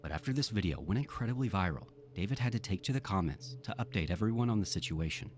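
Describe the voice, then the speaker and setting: A man's voice: fairly low pitch, expressive, fast talker, a little mellow. A man narrating a scripted true-crime story in a dramatic storytelling manner.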